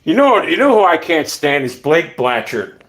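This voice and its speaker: A man's voice: a little high, very animated, moderate pace, a bit bright. A man chatting casually on stream, rambling bluntly from topic to topic and swearing freely. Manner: blunt, profane, wanders between topics.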